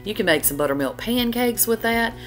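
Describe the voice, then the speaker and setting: A woman's voice: a little high, animated, a little fast, faint music behind. A middle-aged woman, hosting a cooking channel in a chatty, folksy voiceover. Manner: chatty, folksy, says y'all a lot. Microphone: voiceover mic.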